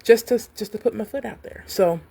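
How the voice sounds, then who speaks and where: Woman, self-published author, casual livestream chat, animated, chatty, mid pitch, talks to viewers, at home. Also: brisk, gravelly, breathy edge.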